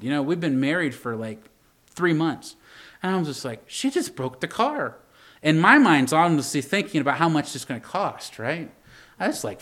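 A man's voice: medium pitch, a bit bright. A young adult man preaching a sermon, talking conversationally and asking the congregation for an amen. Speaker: pastor.

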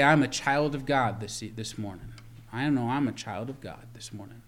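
A man's voice: medium pitch, normal speed, soft background music. A man preaching a sermon as pastor, retelling a story and then speaking directly to parents, often repeating words and restarting lines. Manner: storytelling preacher, swings from loud emphasis to quiet asides.

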